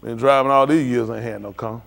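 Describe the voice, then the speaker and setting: A man's voice: mid-range voice, fairly even intonation, brisk, creaky, a bit bright. An older man hosting a live stream, telling joking stories in casual chat and mimicking other people's voices.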